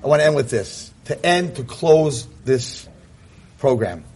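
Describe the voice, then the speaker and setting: A man giving an animated, fast-paced motivational talk to a convention audience, telling a parable. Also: mid-range voice, breathy edge. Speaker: lecturer. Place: convention room.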